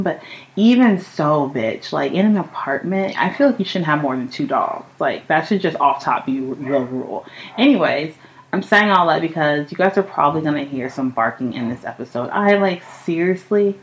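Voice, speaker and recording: Young woman host, casual home podcast, high and chatty, swears freely, laughs often. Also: low-quality recording. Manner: profane, laughing, animated storytelling. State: high on cannabis. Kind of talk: casual chat. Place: home apartment.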